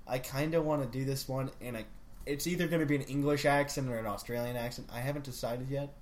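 A man's voice: mid-range voice, steady tone, quick pace. A man from Indiana hosting a casual podcast, joking around as he reads listener mail. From Indiana, USA. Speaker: podcast host.

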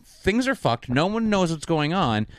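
A man casually discussing a film with friends, animated and mocking the characters in silly voices. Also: on the high side, a little slow, dry recording.

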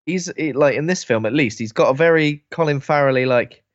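A man co-hosting a casual film podcast, answering quiz questions with jokey asides and quick laughs. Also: on the high side, no echo, lo-fi sound. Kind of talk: casual chat.

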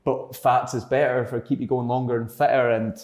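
A man's voice: mid-range voice, level tone, fairly quick, darkish tone. A young adult man with a Scottish accent, telling stories in a casual interview and rambling with fillers and restarts. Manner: rambling, lots of fillers and self-corrections. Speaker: interview guest, footballer. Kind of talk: casual storytelling chat.

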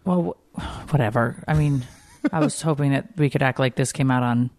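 A woman's voice: very deep voice, normal speed, darkish tone, dry recording. A woman in her forties hosting a podcast, chatting casually and telling family stories in an emotional, gushing way. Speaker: podcast host. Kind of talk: casual chat.

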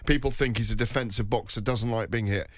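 A man's voice: mid-range voice, steady tone, fast, no echo, clean studio sound. A man hosting a casual sports chat, telling rambling anecdotes with many fillers and restarts. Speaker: boxing podcast host.

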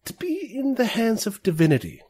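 GM doing a nosy clergy woman, conspiratorial and prim, husky with a lively up-and-down voice. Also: a little high, a little fast, voice pushed up, exaggerated voice. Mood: hushed. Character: gossipy middle-aged woman of the royal clergy.

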